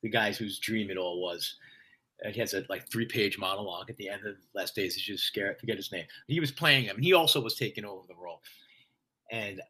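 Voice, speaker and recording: A stage actor tells a story in casual conversation, swearing freely and laughing often as an energetic storyteller. His lowish voice is husky and fairly quick.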